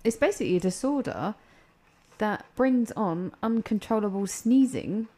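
Young woman on a podcast, mid pitch, chatty, reels off fun facts. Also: animated, moderate pace, dark tone. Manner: chatty and playful, explains facts. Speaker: podcast co-host. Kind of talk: casual chat, sharing trivia.

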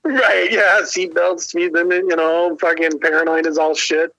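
A man's voice: on the high side, normal speed, gravelly, no echo, low-quality recording. A man telling a story casually, swearing freely, laughing often and acting out the other people's lines. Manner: profane, animated, laughs often, acts out quotes.

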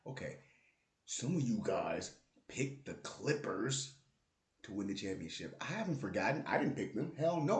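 A man hosting his own podcast, in a casual, profane, joking rant about basketball. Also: medium pitch. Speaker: podcast host. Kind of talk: casual solo basketball talk. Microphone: close podcast mic with plosive pops. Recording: roomy, echoey room.

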